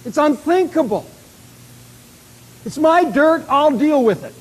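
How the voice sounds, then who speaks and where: A stubborn, impetuous disciple, loud and indignant, with his voice pushed up high and strained, as a preacher acts him out. The delivery is emphatic and forceful, set within a sermon. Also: lively intonation, slow, heavily acted.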